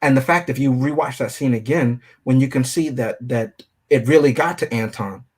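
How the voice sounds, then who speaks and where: A man with a husky, slightly breathy voice breaks down a film in relaxed review-show chat. He sits at an ordinary middle pitch and thinks out loud, picking apart scenes and checking in with "right?" as he goes. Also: normal speed. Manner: analytical, conversational, often checks in with "right?". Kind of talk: casual film review discussion.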